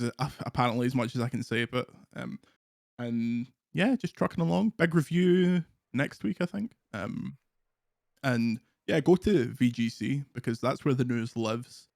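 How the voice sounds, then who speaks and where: A Scottish man chatting casually as a guest co-host, swearing freely and laughing through his jokes. His voice sits at an ordinary middle pitch. It comes across dry and close, with no room sound. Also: darkish tone, no room sound. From Scotland. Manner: talks in quick put-on voices to mock people. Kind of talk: casual chat.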